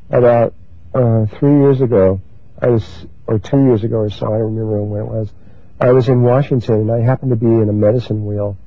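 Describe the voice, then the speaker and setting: An older man giving a spiritual talk, telling stories slowly and gently, pausing and restarting often. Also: mid-range voice, no room sound. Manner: slow, gentle storytelling with pauses and restarts. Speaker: spiritual teacher. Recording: dry, tinny phone-like recording.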